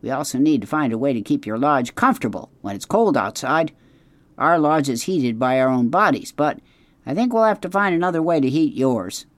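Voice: medium pitch, lively intonation, fairly quick, no room sound, lightly acted. A reader voicing a busy, fussy male beaver builder who talks in a chatty, bossy way in an audiobook. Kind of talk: audiobook character voice.

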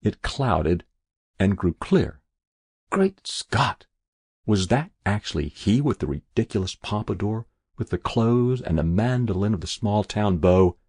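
A man reading a story aloud in measured, expressive narration. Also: fairly low pitch, slightly rough, no room sound, clean studio sound.

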